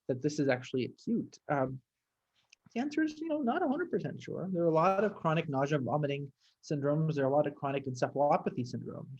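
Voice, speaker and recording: Husky chatty man hosting a video call. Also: on the high side, muffled recording. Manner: chatty, lively, thinks aloud with fillers. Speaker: host of a clinical case conference. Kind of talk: casual, talkative teaching.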